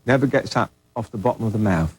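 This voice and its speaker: A man's voice: on the low side, animated, quick pace, husky. An older man from England, an actor as a guest, chatting casually and self-deprecatingly with frequent chuckles. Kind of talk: casual interview chat.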